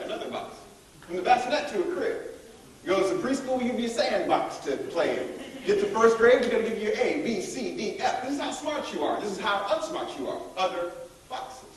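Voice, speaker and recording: A man giving a lively motivational leadership workshop, rallying the audience to join in. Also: high-pitched, distant mic, a little hiss or hum. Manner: energetic, calls on the audience to join in. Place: large echoey room at a college event. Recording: echoey room, voice heard from afar.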